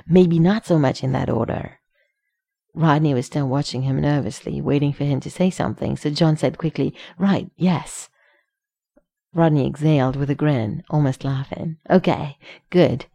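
Low, gravelly woman reading a story. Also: normal speed, dark tone. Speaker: narrator. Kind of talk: audiobook fan fiction reading.

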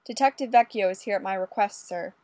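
A woman's voice: medium pitch, brisk, a little mellow, no room sound, close to an everyday voice. Proper young mountie guy, read by a woman, stiff and polite, dry sound. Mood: formal. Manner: formal, proper. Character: polite, formal young male constable.

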